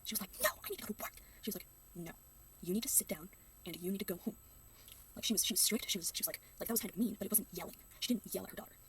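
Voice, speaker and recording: A woman's voice: medium pitch, very fast, distant mic. A young woman rattles off sarcastic reaction commentary at a breakneck pace, mocking the people on screen. She sits a bit back from the mic, with faint room noise behind her. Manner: sarcastic ranting, jumps into mocking voices. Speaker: reaction youtuber.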